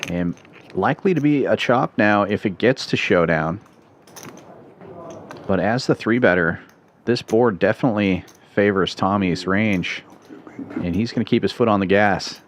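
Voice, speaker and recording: A man calling poker hands live, brisk and playful with the odd pun, his voice sitting a little low. The stream around him is noisy, a steady casino wash under the mic. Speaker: poker commentator. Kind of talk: live play-by-play commentary. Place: casino card room stream booth.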